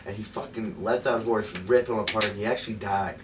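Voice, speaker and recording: A man's voice: lowish voice, fairly even intonation, brisk, distant mic, background noise. A young male comedian from the Boston area co-hosting a podcast, telling crude stories with heavy swearing. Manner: profane, crude joking banter. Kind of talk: casual chat.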